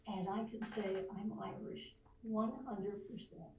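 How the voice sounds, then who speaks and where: An older veteran voice actress, a podcast guest, telling lively anecdotes and slipping into voices. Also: female voice, mid-range voice, measured pace. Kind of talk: storytelling in a podcast interview. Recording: roomy distant mic, faint noise.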